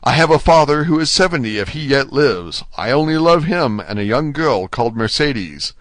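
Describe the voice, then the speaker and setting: A man's voice: mid-range voice, animated, normal speed, a bit bright, no echo, voice pushed up, lightly acted. A man voicing a young male prisoner in his twenties, pleading urgently in an audiobook reading. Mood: eager. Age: 20s.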